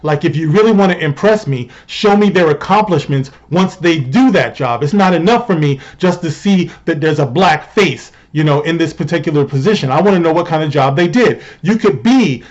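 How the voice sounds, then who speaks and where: A man's voice: fairly high pitch, expressive, normal speed, few pauses, darkish tone, muffled recording. A man hosting his own show, talking in a conversational, rhetorical commentary style and often checking in with the listener. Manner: conversational, rhetorical, often asks "you know what I mean". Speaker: host and commentator. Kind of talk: opinionated commentary.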